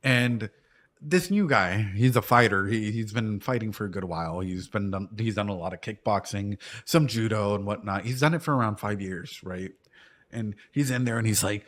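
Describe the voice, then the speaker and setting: A man's voice: mid-range voice, expressive, moderate pace, a bit bright. A man in his thirties chatting casually as a reaction streamer and martial arts coach, rambling through a long story full of "dude" and "right?" and the odd swear word. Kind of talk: casual chat reacting to anime.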